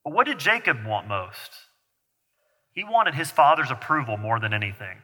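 A man's voice: medium pitch, sing-song, normal speed, pushed and bright. A man preaching a sermon as a pastor, talking to the congregation in a loose, conversational way and joking with the kids in the room. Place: church sanctuary. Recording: hall reverb.

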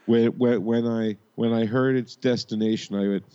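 A man's voice: mid-range voice, fairly even intonation, normal speed, hardly any pauses, warm tone, smooth. A man hosting a podcast in casual, rambling banter with many restarts, on a dull lo-fi recording. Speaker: podcast host. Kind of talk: casual chat.

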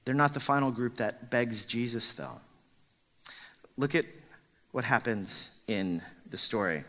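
A man's voice: medium pitch, expressive, measured pace. A man preaching a sermon with dramatic emphasis, dropping to pleading whispers when he voices a character. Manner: rises to loud emphatic peaks.

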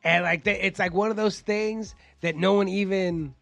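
Bright, gravelly, high-voiced man, profane storyteller. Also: steady tone, moderate pace, no room sound, soft background music. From South Bay, California. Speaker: guest comedian. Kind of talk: casual podcast chat.

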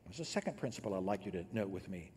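A man preaching a sermon as a pastor, earnest, rising loud and then dropping low to tell a story. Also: expressive, fast talker, slight background noise. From Illinois. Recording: long hall reverb.

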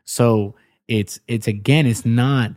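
A man's voice: medium pitch, fairly even intonation, takes it slowly, a little mellow, no echo, clean studio sound. A man in his thirties hosting a casual podcast, laid-back and swearing freely. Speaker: podcast host.

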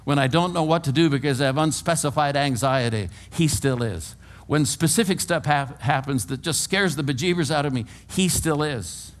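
A man's voice: on the high side, moderate pace, few pauses. Older man preaching with folksy animation. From California, USA. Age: around 80. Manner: folksy, animated storytelling with humor, swings between hushed and loud. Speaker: pastor. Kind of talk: sermon. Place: church before a congregation.

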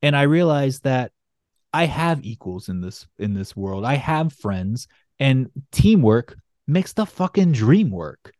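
A man's voice: medium pitch, very animated, takes it slowly, a little mellow, no echo, clean studio sound. A man voicing a cocky female superhero in a comic recap, mocking her defeated rival with sassy swearing. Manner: sassy, profane.

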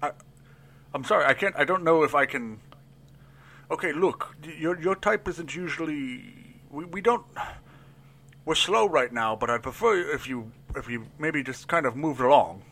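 A man's voice: a little high, lively intonation, normal speed, sharp tone, exaggerated voice. A man playing a nervous, overweight male elf barkeep who stammers and gets flustered.

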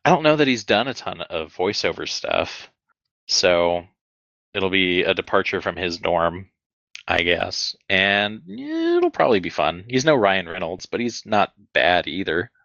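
A man's voice: deep voice, very animated, measured pace, creaky, a bit bright, no room sound, lo-fi sound. A man co-hosting a podcast, chatting casually and making wry jokes, thinking aloud with some hesitation. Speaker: podcast co-host. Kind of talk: casual chat.

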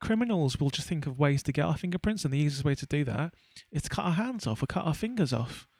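A man's voice: fairly high pitch, lively intonation, fast talker, a little mellow, dry recording. A man co-hosting a podcast, chatting casually and rambling with lots of restarts and fillers. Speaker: podcast co-host. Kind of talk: casual chat.

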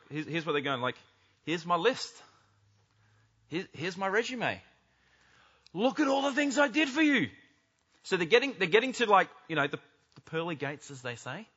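A man preaching a sermon as pastor, animated, acting out the voices he quotes. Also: a little high, breathy edge, highs cut off. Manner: animated, acts out quoted speech.

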